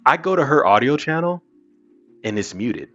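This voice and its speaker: A man hosting a podcast, telling a story in an animated, casual way and swearing freely. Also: mid-range voice, moderate pace. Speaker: podcast host. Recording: muffled with faint music.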